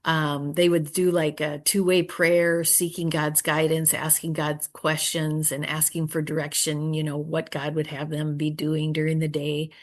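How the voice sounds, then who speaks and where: A woman speaking at a recovery meeting, earnest and prayerful, often trailing off softly and pausing to search for words. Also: sits low, monotone. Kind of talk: personal share and Q&A answer.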